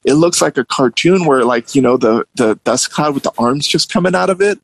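A young man with a gravelly, slightly husky voice tells a story in a loose, casual way. He turns animated and jumps well up in pitch whenever he acts out the people in it, and the recording is dry and close. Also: a little fast, dry recording, low-quality recording. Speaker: guest telling a story.

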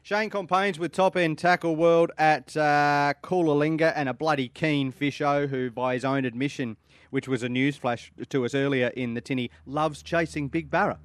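A man's voice: a little high, moderate pace, no echo. A man with an Australian accent hosting a casual fishing podcast, jokey and laughing as he reads listener mail. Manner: jokey, laughing, relaxed banter. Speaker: podcast host.

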